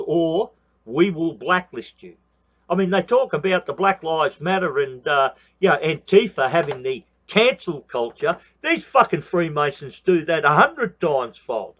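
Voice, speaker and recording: An Australian man in his sixties rants straight at the viewer, swearing and hammering the same phrases again and again. His voice sits a little high for a man. The recording is dull and lo-fi, with a muffled top end. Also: lively intonation, unhurried, a bit bright. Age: 60s. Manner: heated, profane, repeats phrases, says mate often. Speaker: channel host. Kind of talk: ranting monologue.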